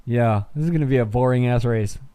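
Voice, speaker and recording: A man streaming a live race watchalong, reacting with heated, profane ranting that drops into low muttering. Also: fast talker, warm tone, clear, resonant tone.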